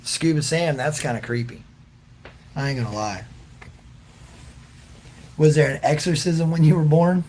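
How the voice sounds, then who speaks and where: A man's voice: fairly high pitch, measured pace, long pauses, darkish tone, a little hiss or hum. A man hosting a casual livestream, reading out viewers' comments and answering in a loose, joking, slangy way with frequent laughs. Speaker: livestream host reading chat.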